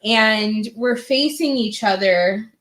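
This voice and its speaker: A woman's voice: on the high side, slow pace, fairly bright tone. A woman co-hosting a casual horror podcast, chatting and chiming in, laughing often as she tells stories. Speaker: podcast co-host. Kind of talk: casual chat, storytelling.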